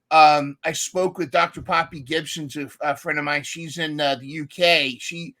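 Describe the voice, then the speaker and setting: A man's voice: on the high side, pushed and bright. A man hosting a podcast, chatting enthusiastically and rambling with frequent restarts. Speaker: podcast host. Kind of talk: casual conversation.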